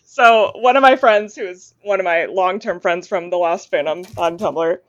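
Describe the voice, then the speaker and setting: A young woman, a podcast guest in casual chat, talking in an animated way, getting worked up and laughing often. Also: on the low side, normal speed, no echo, highs cut off.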